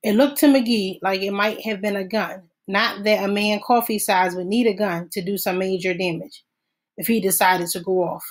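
A woman's voice: mid-range voice, steady tone, normal speed, rough recording. Woman reading a novel aloud. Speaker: narrator. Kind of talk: audiobook read-aloud.

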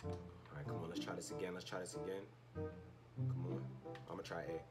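A man commentating his own video game play in his room, slangy and excitable, swinging from low muttering to loud shouts. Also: brisk. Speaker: gaming YouTuber. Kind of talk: live gameplay commentary. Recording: music playing behind.

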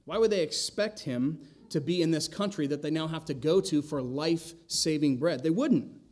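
Conversational pastor with wry asides. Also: male voice, fairly high pitch, normal speed, a little mellow. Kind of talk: expository sermon. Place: church sanctuary.

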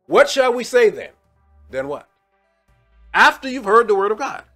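A man preaching a sermon as pastor, swinging between loud outbursts and quiet asides, talking to the congregation in a plain, colloquial way. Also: very high voice, sing-song, moderate pace, soft background music. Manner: colloquial, addresses the congregation as y'all.

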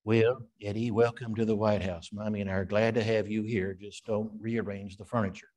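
A man putting on the voice of a genial, folksy elderly male president, soft and chummy. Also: fairly low pitch, level tone, fairly quick, lightly acted.

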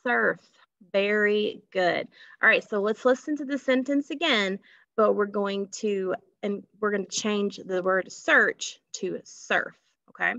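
A woman's voice: medium pitch, lively intonation, a little slow, gravelly, a bit bright, dry recording. A woman teaching a phonics lesson to children, patiently stretching out sounds and asking questions. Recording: dull lo-fi recording.

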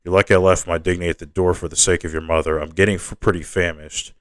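A feisty young woman who snaps back with sharp, indignant retorts, as a man with a low voice puts her on in a storybook reading. The delivery sits a touch above his deep natural register. The sound is close and dry, with no room around it. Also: little pitch movement, fast, clean tone, no echo, close to an everyday voice. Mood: grudging.

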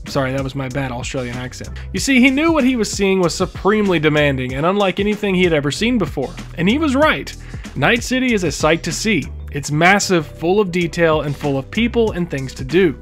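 A man's voice: high-pitched, fairly bright tone. A man giving emphatic, opinionated gaming commentary as a YouTuber, indignant and sarcastic at times.

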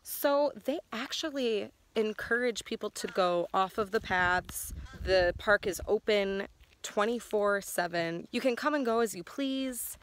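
A woman talking candidly to her phone camera as a travel vlogger, chatty and thinking out loud. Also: medium pitch, a little slow. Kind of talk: casual vlog talk to camera.

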